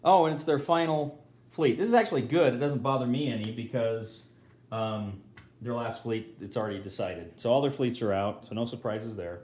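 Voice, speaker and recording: A man's voice: medium pitch, moderate pace, darkish tone. Man thinking aloud over a board game. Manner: thinks aloud, casual, self-correcting. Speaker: host. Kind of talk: live board game playthrough commentary. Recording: roomy echo.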